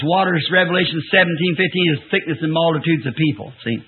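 A man in his fifties preaching a sermon, shifting between soft asides and drawn-out shouted emphasis. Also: fairly high pitch. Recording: tinny old phone-like recording.

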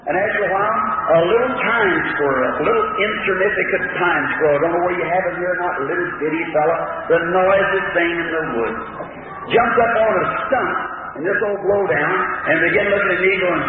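A man preaching a sermon as a story, emphatic and rising to near-shouting in bursts. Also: sits high, a little fast, heavy reverb. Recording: distant, tinny, noisy old archive tape.

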